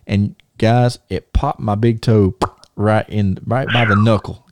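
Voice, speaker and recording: A man hosting a podcast, telling a long story in a rambling, animated way with many restarts. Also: lowish voice, a little slow, no room sound, studio quality. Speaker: podcast host. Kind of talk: casual storytelling and show segment intro.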